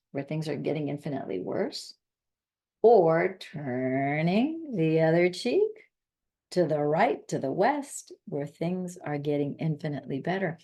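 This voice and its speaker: A woman with a notably low voice hosts a casual wellness video, speaking straight to her viewers. She is earnest and emphatic, and she often repeats her key phrases to drive them home. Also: darkish tone. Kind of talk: casual monologue to camera.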